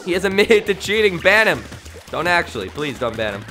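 A man streaming a game and commentating live, with a bright, forceful tone and a pitch that swings all over the place. He is jokey and excitable, breaking into loud yelps and then dropping to low mumbles. Game music plays faintly behind him. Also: brisk. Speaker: gaming streamer.

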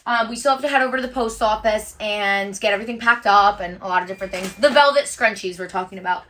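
A woman's voice: medium pitch, quick pace, a bit bright, slight background noise. A woman hosting a casual livestream as she packs orders, chatty and upbeat, with frequent ums and likes. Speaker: livestream host packing orders.

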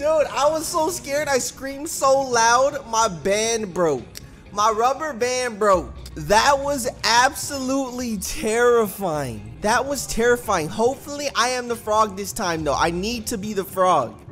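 A man giving excitable gameplay commentary as a gaming YouTuber, yelping and screaming when scared. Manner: rapid high-pitched panicky exclamations.

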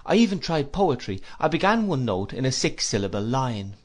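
A man giving a measured, expressive first-person audiobook narration. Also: medium pitch.

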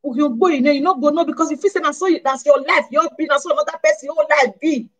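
A woman with a Nigerian Pidgin accent, talking straight to her viewers in an animated, scolding way and firing off rhetorical questions. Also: high-pitched, racing, rough recording. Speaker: vlogger. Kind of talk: casual monologue to camera.

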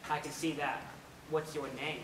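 A young actor in a school play playing a polite, formal young researcher from out of town. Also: male voice, a little high, level tone, normal speed, close to an everyday voice. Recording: roomy stage sound from far off, noisy.

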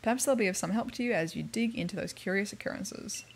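A woman's voice: medium pitch, fast, breathy edge. A woman reading aloud a game character's lines, giving directions to wardens. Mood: informative. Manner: informative, read aloud.

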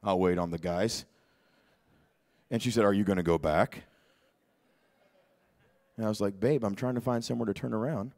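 A man preaching a sermon in a church, telling a personal story and swinging between shouted exhortation and quiet, hushed retelling. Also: lowish voice, moderate pace, pauses often. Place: church sanctuary.

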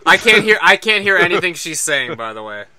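A man's voice: high-pitched, sing-song, brisk, pushed and bright, no room sound. A man co-hosting a podcast in casual chat, chiming in and laughing often. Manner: laughs often, chimes in with short agreements. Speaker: podcast co-host. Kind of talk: casual chat, film review.

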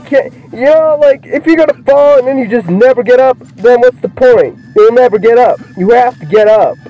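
A young man doing let's play commentary, excitable, swearing constantly and yelling at the game. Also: very high-pitched, normal speed. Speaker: gaming video creator. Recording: muffled lo-fi mic with game music. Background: game music.

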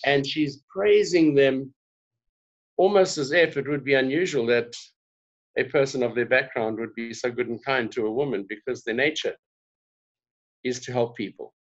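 A South African man speaking as a guest in a conversational interview, an animated storyteller. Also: medium pitch, normal speed, pauses often. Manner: animated storyteller, laughs often. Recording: dull lo-fi sound.

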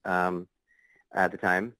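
A man guesting on a podcast, recounting a story in a loose, rambling way full of fillers and false starts. His voice sits low. The sound is dry and close, with no room around it. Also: level tone, takes it slowly, bright, forceful tone, no room sound, rough recording. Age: adult. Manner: rambling, many fillers and restarts. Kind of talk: casual storytelling.

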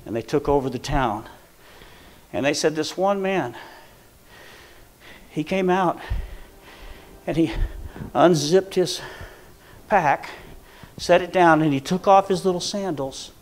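Man, Pentecostal preacher. Slightly high voice, fervent, moves between hushed storytelling and shouted praise. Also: takes it slowly, long pauses. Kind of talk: Pentecostal sermon. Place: church.

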